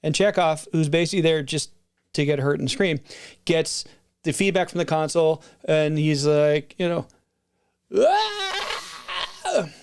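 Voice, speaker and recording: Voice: medium pitch, fairly even intonation, normal speed, smooth. A middle-aged video creator chatting casually and unscripted, rambling with frequent restarts and asides. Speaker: video creator reviewing film releases.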